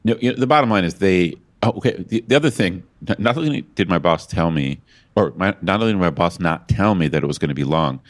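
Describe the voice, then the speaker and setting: His voice sits low, and he is animated and quick as he co-hosts a podcast. In this relaxed chat he wanders off track, runs himself down and keeps starting over.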